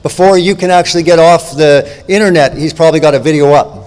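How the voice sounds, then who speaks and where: A man's voice: a little high, fast talker, darkish tone. A man introducing the next speaker at a conference, praising him enthusiastically. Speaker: conference presenter. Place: large conference room. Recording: reverberant hall with crowd.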